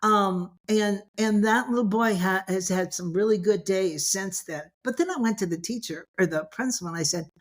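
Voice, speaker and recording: A woman's voice: medium pitch, normal speed, hardly any pauses. An older grandmother, a guest on an interview show, telling stories in a rambling way, full of "you know" and restarts, acting out the voices she quotes. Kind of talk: casual interview storytelling.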